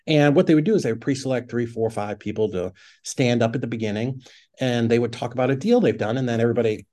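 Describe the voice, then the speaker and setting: Here a podcast guest, a middle-aged man who invests in real estate, talks quickly in a medium-pitched, dark-toned voice. He chats away while telling a story, leaning on "like" and voicing the thoughts he had at the time.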